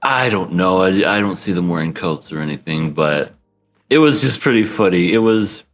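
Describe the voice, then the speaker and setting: A man co-hosting a podcast in casual chat, animated and laughing often as he acts out scenes. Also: sits low, moderate pace, faint music behind. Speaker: podcast co-host.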